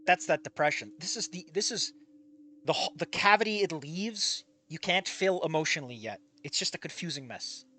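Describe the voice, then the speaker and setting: A man's voice: on the high side, lively intonation, normal speed, sharp tone. A man with a nasal voice on a headset mic, reading a fanfic aloud and breaking off to rant about it, rambling, profane and opinionated. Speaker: fanfic reader and commentator.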